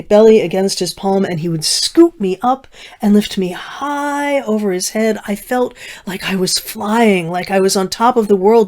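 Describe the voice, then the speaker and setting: A middle-aged woman storyteller telling a personal story, slowing down with dramatic pauses and dropping to soft, hushed asides. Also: mid-range voice. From United States. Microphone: video recording.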